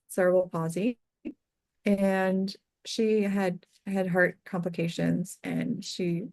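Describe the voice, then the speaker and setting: Woman, death doula guest, mid-pitched voice, earnest, heartfelt, lots of "like" fillers, soft quiet dips. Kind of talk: casual interview storytelling.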